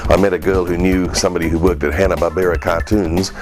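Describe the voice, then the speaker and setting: Deep-voiced older man chatting. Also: fast talker. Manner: relaxed, rambling, chatty. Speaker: voice artist and comedian guest. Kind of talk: interview answers. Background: music.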